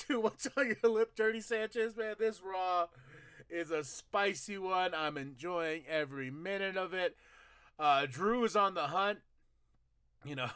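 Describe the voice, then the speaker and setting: A man's voice: high-pitched, takes it slowly, long pauses, a bit bright, clear, resonant tone, no room sound, clean studio sound. A man hosting a podcast, casually recapping a wrestling show, laughing and acting out the wrestlers' lines with lots of energy. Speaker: podcast host. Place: home room.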